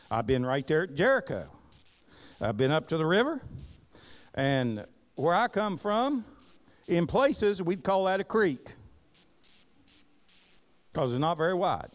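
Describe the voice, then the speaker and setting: A man preaching a sermon, reading scripture aloud and breaking off into folksy asides to the congregation. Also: a little high. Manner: animated preaching, reads scripture aloud and asks the congregation to repeat words; folksy Southern-flavored asides. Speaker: pastor. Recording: live church service recording.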